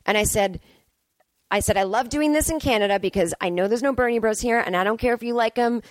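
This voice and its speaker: A woman's voice: a little high, quick pace, no room sound. A woman hosting a podcast from home, talking in a casual comedic monologue as she reads listener emails and rants bluntly, swearing freely. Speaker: podcast host.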